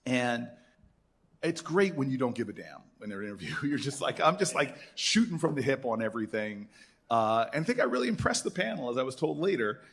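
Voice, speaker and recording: Husky-voiced man telling stories. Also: mid-range voice, brisk. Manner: animated storyteller who acts out quoted voices. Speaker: senator speaking at an alumni event. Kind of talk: storytelling speech.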